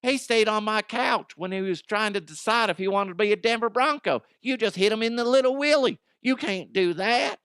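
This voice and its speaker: A man voicing an outraged friend in a shrill, high squealing voice. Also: moderate pace, hardly any pauses, a bit bright, smooth, no room sound, clean studio sound. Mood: indignant. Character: outraged high-pitched man ranting about his best friend.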